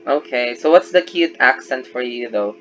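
A man's voice: medium pitch, normal speed, soft background music. Filipino-accented man on a muffled call. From Philippines. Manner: relaxed and opinionated, with many likes. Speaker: host. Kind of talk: casual video chat. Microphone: video call. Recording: dull lo-fi video call audio.

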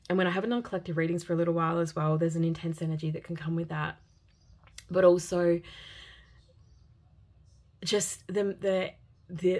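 Woman tarot reader with a gravelly edge, heartfelt and gentle delivery for a reading to viewers. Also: fairly low pitch. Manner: earnest, gentle and heartfelt, with many repeated phrases.

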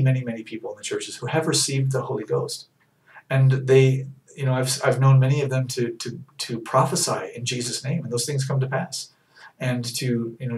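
Fervent preacher in a roomy space. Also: male voice, darkish tone, distant mic. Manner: fervent, repeats words, rises to emphatic peaks then drops low. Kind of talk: sermon.

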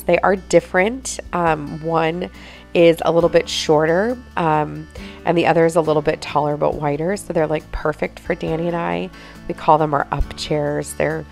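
Gravelly, stuffy-nosed woman vlogging. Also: on the low side, darkish tone. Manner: upbeat, chatty, with fillers. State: stuffy, nasal from pollen. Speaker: home vlogger. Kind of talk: chatty voice-over narration.

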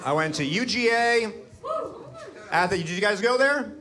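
Animated stand-up comedian man. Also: normal speed, a crowd in the background. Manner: animated, swings loud and high for punchlines. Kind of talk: stand-up storytelling. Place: comedy club stage before a live audience.

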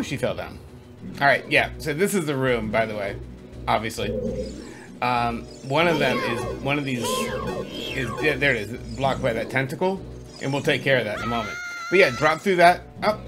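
A gaming channel host gives casual playthrough commentary over game music, chatty and self-deprecating, laughing at his own slips. He speaks at medium pitch and a moderate pace.

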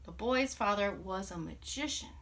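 A woman music teacher telling a children's story aloud, animated and expressive, with playful sound effects. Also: medium pitch, normal speed. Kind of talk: storytelling to children with ukulele song.

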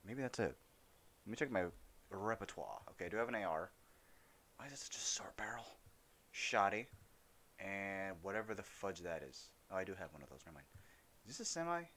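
Low-voiced young man joking through a game. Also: sing-song, fast talker, a bit bright. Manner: rambling, jokey, talks to game characters. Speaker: gaming streamer. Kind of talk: casual let's-play commentary.

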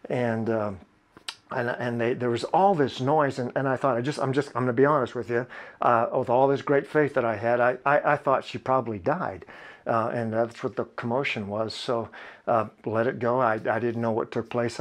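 A middle-aged man, a pastor, telling a personal story in a sermon in a candid, confiding way, halting often and restarting his sentences. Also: medium pitch.

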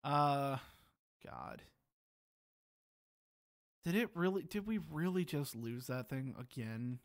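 A man's voice: fairly high pitch, animated, takes it slowly, pauses often. A young man giving gameplay commentary, exasperated and talking to himself as he plays. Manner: exasperated, talks to himself while playing. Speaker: gaming channel host.

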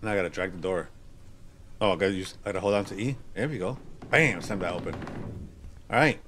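A man playing a horror game on his channel, talking to himself and yelping with excitement. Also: low-pitched, a little fast, a little hiss or hum. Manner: excitable, yelps and laughs, talks to himself.

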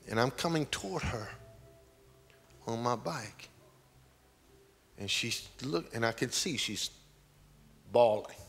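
Slow-preaching pastor, long hall echo. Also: male voice, mid-range voice, breathy edge. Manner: slow, dramatic storytelling with sudden loud peaks. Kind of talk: sermon storytelling. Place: large church sanctuary.

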